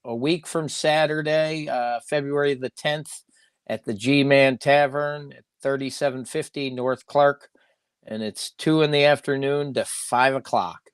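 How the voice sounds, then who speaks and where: Male guest, modest and easygoing, smooth voice, dry close mic. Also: mid-range voice, steady tone, measured pace, dry recording. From Chicago area. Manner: modest, easygoing, hesitant with fillers. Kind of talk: casual interview chat.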